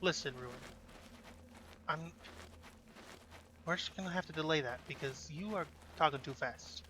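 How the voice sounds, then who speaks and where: A man's voice: a little high, measured pace, bright, forceful tone, slight background noise. A man playing a game, commenting in a goofy, chatty way and talking back to the characters. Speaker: let's play gamer. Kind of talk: casual gameplay commentary.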